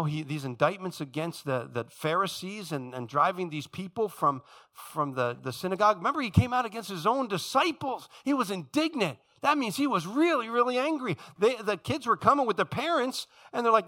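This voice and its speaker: A male preacher delivering a sermon in a church, with a high, ringing voice and a bright, forceful tone. He tells the stories in an animated way and slips into the voices of the people he quotes.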